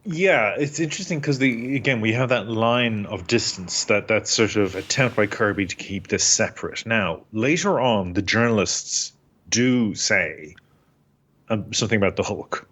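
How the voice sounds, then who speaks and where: A man co-hosting a relaxed podcast chat, speaking in a slightly low voice. He is enthusiastic and laughs often, and he gets animated when he quotes lines. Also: moderate pace, breathy edge. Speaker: podcast co-host. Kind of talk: casual chat.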